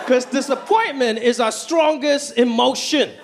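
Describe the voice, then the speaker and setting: A man doing a stand-up comedy set in a club, talking in an animated way and acting out other people's voices. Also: very high-pitched, unhurried, noisy background. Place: comedy club stage before a live audience. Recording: live club recording with loud audience laughter. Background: audience laughter.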